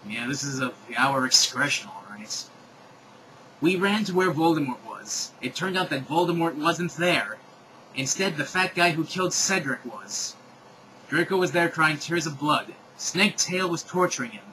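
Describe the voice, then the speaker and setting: A man reads bad fan fiction aloud in a sarcastic, exasperated comedic style. His voice is bright and forceful and slightly high. Faint hiss sits behind him. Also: animated, normal speed, poor audio. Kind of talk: comedic dramatic reading with commentary.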